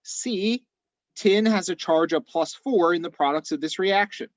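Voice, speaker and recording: A man teaching chemistry in an online class, explaining methodically step by step, his voice a little hoarse. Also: high-pitched, measured pace, dry recording, muffled recording. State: slightly hoarse. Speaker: chemistry instructor.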